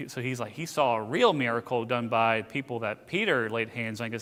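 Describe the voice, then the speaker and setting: A man's voice: mid-range voice, fairly quick, hardly any pauses, fairly bright tone. Man teaching Bible class in a reverberant hall. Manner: conversational storytelling with asides. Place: church classroom. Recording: church hall with long reverb.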